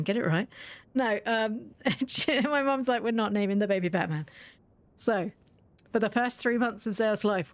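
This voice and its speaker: A woman's voice: fairly high pitch, dry recording. A woman streaming a game, chatting and telling stories with frequent laughter. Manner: chatty, laughs often mid-story. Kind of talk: casual storytelling while gaming.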